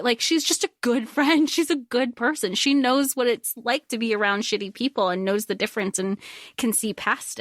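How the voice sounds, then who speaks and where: A woman co-hosting a podcast, chatting casually about a movie and retelling scenes in an animated way. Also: a little high, no echo, studio quality. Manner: animated, quick retellings with quoted lines. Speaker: podcast co-host. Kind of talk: casual movie recap chat.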